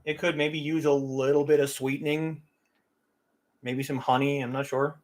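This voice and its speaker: A man's voice: on the high side, flat delivery, moderate pace. A man hosting a casual livestream, talking in an opinionated, emphatic way about getting pronunciation right. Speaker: livestream host.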